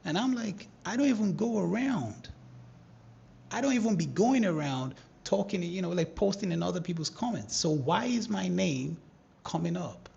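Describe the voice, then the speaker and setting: A man hosting a live trading stream, commenting on charts in a teasing, animated way that breaks into excited shouting. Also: high voice, normal speed, vocal fry, breathy edge, lo-fi sound. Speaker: trading livestream host.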